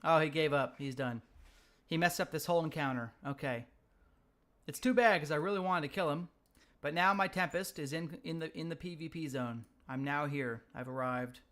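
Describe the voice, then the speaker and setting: A man co-hosting a live game stream, chatting casually and trash-talking excitedly while he plays. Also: a little high, moderate pace. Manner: excitable trash talk during gameplay. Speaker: livestream co-host.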